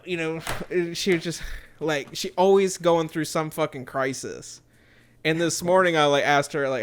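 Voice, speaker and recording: A man's voice: a little high, moderate pace, a bit bright, clear, resonant tone. A young man telling a rambling, swearing story about a coworker in a casual podcast chat. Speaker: podcast co-host.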